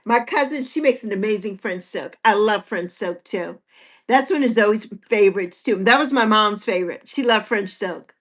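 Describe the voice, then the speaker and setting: A woman's voice: medium pitch, moderate pace. A woman in her sixties hosting a casual livestream chat with viewers, playful and teasing. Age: 60s. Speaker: livestream host.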